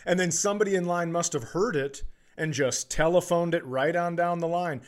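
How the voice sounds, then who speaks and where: A man's voice: fairly high pitch, normal speed. A man hosting a podcast who tells his stories in a wry, laid-back way. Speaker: podcast host. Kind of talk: casual storytelling chat.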